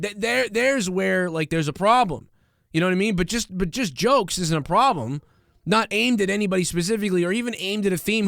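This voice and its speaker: A man's voice: on the high side, fairly bright tone, no room sound, studio quality. A young man hosting a podcast, ranting casually with lots of swearing, fillers and restarts. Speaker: podcast host. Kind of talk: casual comedic rant.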